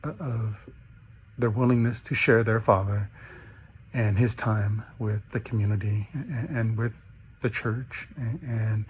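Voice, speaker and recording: A man's voice: lowish voice, slow, a little hiss or hum. Man telling a story with quoted voices. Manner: frequent fillers and repeated starts. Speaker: graduation speaker. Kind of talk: recorded commencement message. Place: at home.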